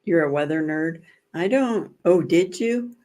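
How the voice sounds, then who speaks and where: A woman's voice: fairly low pitch, animated, unhurried, a little mellow. A woman hosting a casual livestream chat with viewers, telling stories in a rambling, self-correcting way with dramatic emphasis. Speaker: livestream host.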